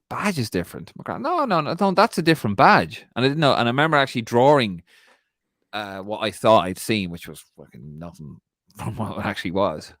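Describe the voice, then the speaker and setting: A man's voice: deep voice, no echo, studio quality. A man co-hosting a casual podcast, swearing and laughing as he tells stories and reads listener questions. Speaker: podcast co-host.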